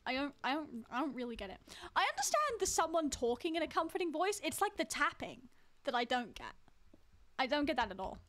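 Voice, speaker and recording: A woman's voice: high-pitched, fairly bright tone. A woman streaming a game live, chatting casually with viewers and teasing them as she plays. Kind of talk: casual live-stream chat while playing.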